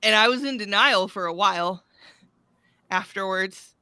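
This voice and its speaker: Bright-voiced woman telling a chatty story. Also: mid-range voice, unhurried, smooth, no echo, clean studio sound. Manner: chatty storyteller, laughs often. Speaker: podcast co-host and dog groomer. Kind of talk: casual livestream chat.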